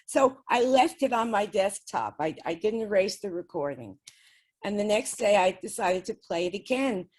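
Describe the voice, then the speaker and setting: A woman's voice: mid-range voice, lively intonation, moderate pace, darkish tone. Chatty woman telling a personal story. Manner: chatty, laughs often between sentences. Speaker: guest describing spirit communication experiments. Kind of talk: casual storytelling.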